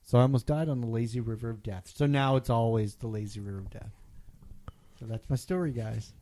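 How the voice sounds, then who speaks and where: A man co-hosting a podcast, telling a story in a casual, animated way and loudly acting out what people said. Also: medium pitch, a little fast. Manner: animated, acts out quotes loudly. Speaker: podcast co-host.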